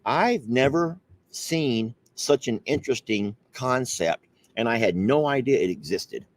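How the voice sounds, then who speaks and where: A man's voice: medium pitch, lively intonation, unhurried. A man hosting a casual coffee chat, playful and teasing, laughing often. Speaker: host.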